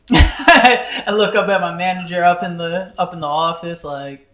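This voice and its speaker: A man's voice: sits high, unhurried, pushed and bright, echoey room. A young man from telling a funny story on a podcast, laughing often and acting out the voices of the people in it. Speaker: podcast co-host. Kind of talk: casual storytelling chat.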